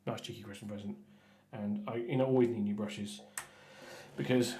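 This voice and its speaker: A man chatting casually while painting miniatures on a stream, rambling with stumbling restarts and often trailing off quietly. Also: fairly low pitch, steady tone, normal speed, reverberant, slight background noise. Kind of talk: casual painting livestream chat.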